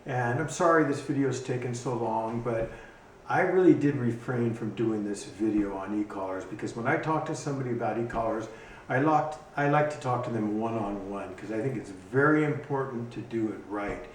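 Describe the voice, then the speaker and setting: A man who trains hunting dogs explains his gear in a casual instructional video, talking haltingly with frequent ums and restarts. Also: mid-range voice. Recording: echoey room, distant mic, faint noise.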